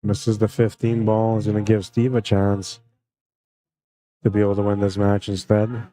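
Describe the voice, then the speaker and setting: With a low, warm tone and a calm, friendly manner, a Canadian man narrates a pool tournament livestream shot by shot. As play continues, he takes his time, saying hello to chat viewers and reading their comments aloud between shots.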